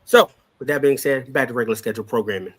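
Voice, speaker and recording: A man co-hosting a casual podcast chat, joking around and dropping quick asides. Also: mid-range voice, a bit bright. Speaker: co-host.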